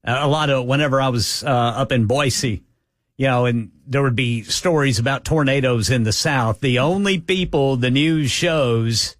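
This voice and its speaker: A man co-hosting a talk radio show, telling relaxed anecdotes in a halting, casual way. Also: medium pitch, no echo, studio quality. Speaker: radio co-host.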